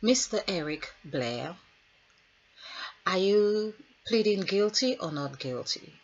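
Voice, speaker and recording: A woman playing a stern magistrate who questions a defendant in formal, measured phrases. The delivery is slow and rises and falls widely. The recording is dull and lo-fi. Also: medium pitch, lively intonation.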